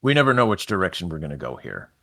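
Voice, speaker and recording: A man's voice: sits low, very animated, rapid-fire, creaky, fairly bright tone. A man hosting a casual podcast interview, rambling a little and restarting his sentences. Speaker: podcast host.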